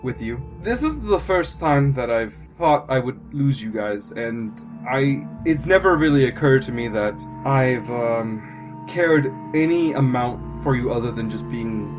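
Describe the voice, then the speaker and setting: A man voicing a remorseful woman hero who mentors a group of kids. She speaks haltingly and apologetically, in a soft-spoken way. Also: medium pitch, lively intonation, over music, natural voice. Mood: apologetic.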